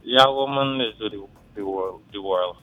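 A man's voice: lowish voice, measured pace, faint music behind. Man with a Guyanese accent on a phone line. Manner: blunt, rambling, creole-tinged phrasing. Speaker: caller. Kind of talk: casual call-in chat.

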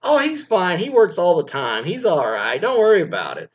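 Man doing a high, breezy, dismissive wife, lo-fi sound. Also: wildly swooping pitch, normal speed. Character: woman brushing off her husband's hints, sweetly dismissive. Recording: dull lo-fi recording.

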